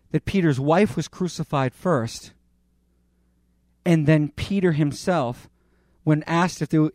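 A male pastor preaching a sermon with passion, swinging between loud declarations and quiet asides, often restarting phrases. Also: a little high, no echo, clean studio sound. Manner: impassioned, with dramatic rises and drops in volume; repeats himself and restarts while preaching.

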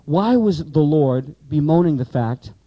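A man's voice: on the high side, animated, a little slow, no room sound, dull audio. A man teaching a class of pastors about Bible Greek, explaining with rhetorical questions and asides to the students.

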